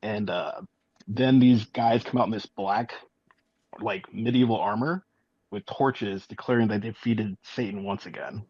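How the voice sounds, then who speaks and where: Male guest, low voice, halting matter-of-fact telling, dull lo-fi call audio, dry sound. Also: fairly even intonation, husky, no room sound. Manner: halting, many ums and likes, matter-of-fact. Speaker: guest, eyewitness. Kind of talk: casual interview storytelling.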